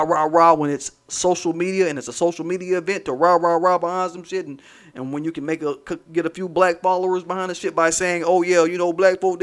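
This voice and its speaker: Fairly high-voiced man ranting on a livestream. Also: a bit bright. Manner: profane, rambling, talks to the chat. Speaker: livestream host. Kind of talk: casual livestream rant.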